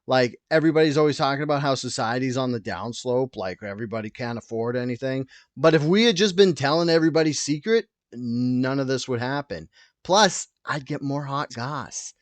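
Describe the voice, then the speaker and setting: A man hosting a solo podcast, rambling through tangents with lots of swearing, loud and wired on coffee. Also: medium pitch, expressive, brisk, dry recording. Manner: rambling, tangent-prone, profane. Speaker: podcast host.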